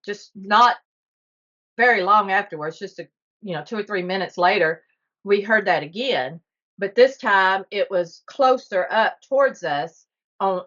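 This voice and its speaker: A woman's voice: medium pitch, fairly bright tone. A middle-aged woman from Texas, a podcast guest telling a story earnestly and vividly, with small laughs. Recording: slightly muffled podcast audio.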